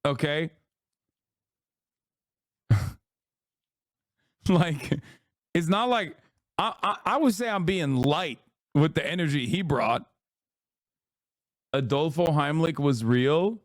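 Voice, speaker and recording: A man's voice: fairly high pitch, lively intonation, measured pace, pauses often, no room sound, studio quality. A man in his thirties giving sarcastic, joking live-stream commentary as he reacts to a clip. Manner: sarcastic, joking, laughs often.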